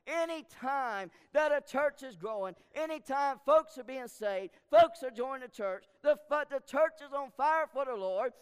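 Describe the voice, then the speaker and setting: A man pastor preaching a sermon, hammering his points by repeating phrases. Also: extremely high pitch. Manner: emphatic, repeats lines for stress. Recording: long hall reverb.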